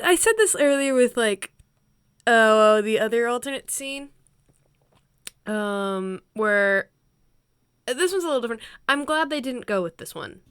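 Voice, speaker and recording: Smooth-voiced woman in casual chat. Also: fairly high pitch, no room sound, studio quality. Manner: thoughtful, hedging with "like". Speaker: podcast co-host.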